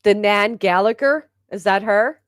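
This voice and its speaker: A woman talking straight into a close mic in a dry, dead room, her pitch sitting mid-range. She chats and gossips easily as she reads viewer comments and breaks into laughs. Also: a little slow, dry recording. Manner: chatty, gossipy, laughs often. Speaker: livestream host. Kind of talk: casual livestream chat reading comments.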